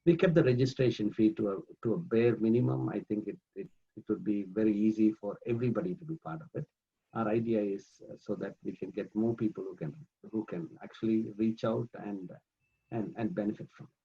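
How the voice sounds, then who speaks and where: A man answering interview questions in a relaxed, conversational way, hesitating often with fillers and repeated words over a video call. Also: on the low side, a little fast, gravelly, breathy edge, muffled recording. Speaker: guest, managing trustee of a charity.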